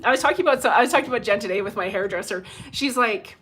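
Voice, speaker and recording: A woman's voice: fairly high pitch, expressive, normal speed, bright, forceful tone, husky. Chatty, laughing woman hosting a livestream. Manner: chatty, laughs often, greets viewers by name. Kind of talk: casual livestream chat. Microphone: phone.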